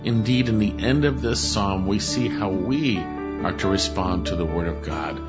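Low-voiced male radio pastor. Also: a little slow, loud music behind the voice. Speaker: pastor in studio. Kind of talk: radio program chat. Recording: dull lo-fi radio studio sound.

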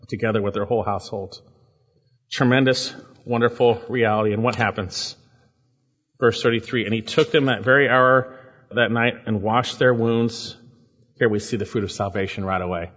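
A man's voice: mid-range voice, steady tone, moderate pace, a bit bright. A man preaching an expository sermon as pastor, reading scripture aloud and putting questions to his listeners. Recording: long hall reverb, dull lo-fi sound.

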